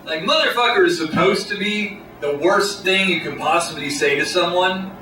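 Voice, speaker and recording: A man doing a stand-up comedy set on a small club stage, with a deadpan, halting delivery full of pauses. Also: high voice. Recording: echoey room, distant mic, noisy. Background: audience laughter.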